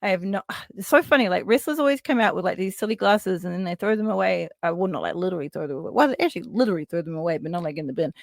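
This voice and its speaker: A woman hosting a podcast, recapping wrestling matches in a casual, lively way, with frequent swearing and fillers. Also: fairly low pitch, rapid-fire, gravelly, no room sound. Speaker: podcast host.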